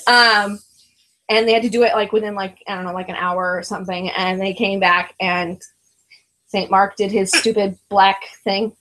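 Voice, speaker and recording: Chatty, laughing woman with a bright voice. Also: normal speed. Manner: chatty and rambling, laughs often, fills with "like" and "um"; mimics others in a high, excited voice when retelling. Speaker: co-host of a reality TV review show. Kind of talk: casual chat.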